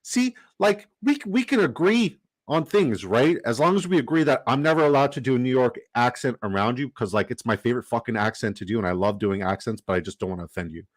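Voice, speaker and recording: A man's voice: medium pitch, animated, fast, few pauses. A man giving casual livestream commentary while drafting, reading the chat aloud and swearing casually. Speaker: fantasy football draft streamer.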